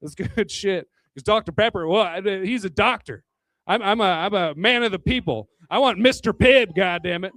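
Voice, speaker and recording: A man's voice: sits high, moderate pace, a bit bright, no room sound. A man doing a stand-up comedy set at a bar into a handheld microphone, crude and rambling, a bit tipsy, chuckling at his own jokes. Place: bar hosting a live comedy night.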